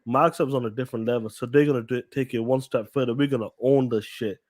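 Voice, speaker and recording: A man's voice: mid-range voice, fairly even intonation, fast talker, a little mellow. Emphatic man co-hosting a podcast. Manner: emphatic, repeats points for stress. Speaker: podcast co-host. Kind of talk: casual chat.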